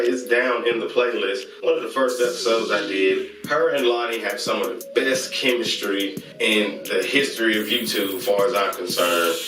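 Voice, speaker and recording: A man's voice: mid-range voice, distant mic. Hyped male vlogger in an echoey room. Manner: hyped, chanting catchphrases, slangy and rambling. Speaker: YouTube host reviewing comedy channels. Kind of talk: casual excited channel shout-outs. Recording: echoey room from off-mic with music. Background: music playing.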